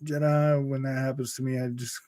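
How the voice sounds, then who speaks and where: A man's voice: medium pitch, little pitch movement, a little fast, mellow, no echo, studio quality. A young man hosting a casual gaming livestream, rambling about consoles and answering chat, laughing often and calling everyone dude and bro. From Utah. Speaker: gaming channel host reading live chat.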